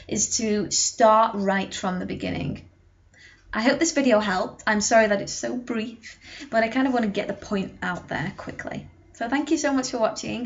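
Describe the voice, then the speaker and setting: A woman's voice: mid-range voice, lo-fi sound. A young woman singing teacher giving a vocal lesson to camera, explaining technique with sung and spoken demonstrations.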